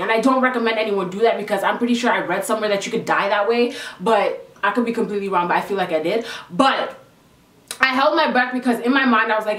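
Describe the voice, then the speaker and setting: A young woman from Canada telling a frightening personal story to camera as a casual vlog, animated and breathless. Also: mid-range voice, far from the mic. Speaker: vlogger. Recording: roomy sound, voice a little off-mic.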